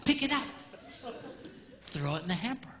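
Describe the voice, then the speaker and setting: Man, stand-up comic, high lively voice, acts out other voices, echoey hall, dull lo-fi sound. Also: normal speed, crowd noise, noisy background. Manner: animated, acts out spouses in mimicked voices. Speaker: stand-up comedian. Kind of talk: stand-up comedy routine.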